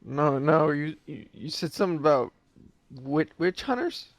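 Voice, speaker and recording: Gravelly stammering man player. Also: fairly high pitch, big pitch swings, normal speed, no room sound.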